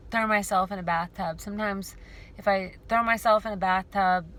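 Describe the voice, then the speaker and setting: A woman recording a casual personal vlog about living with dystonia, talking in a rambling, heartfelt way with many pauses and fillers and speaking warmly to her viewers. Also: mid-range voice, fairly even intonation. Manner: affectionate toward viewers. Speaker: dystonia awareness vlogger. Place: car.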